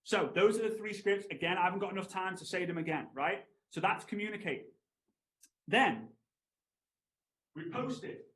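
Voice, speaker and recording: Energetic man in his thirties. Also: high-pitched, normal speed, pauses often. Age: 30s. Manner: energetic, animated, asks the audience to respond. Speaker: network marketing trainer. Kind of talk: storytelling training talk. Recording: roomy echo.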